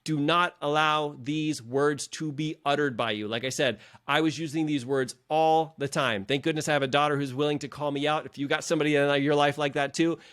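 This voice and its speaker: This middle-aged man, a podcast host and leadership coach, talks to his audience of "guys" with casual, earnest encouragement on his motivational coaching show. He speaks briskly in a steady tone, his slightly bright voice sitting on the high side and rarely pausing.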